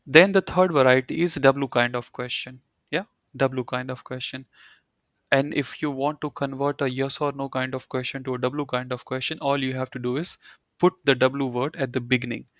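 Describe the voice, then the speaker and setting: A man's voice: medium pitch, fairly even intonation, moderate pace, fairly bright tone, no echo, studio quality. A man teaching a German lesson, explaining step by step and often repeating key points with "you know" and "right". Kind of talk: live online language lesson.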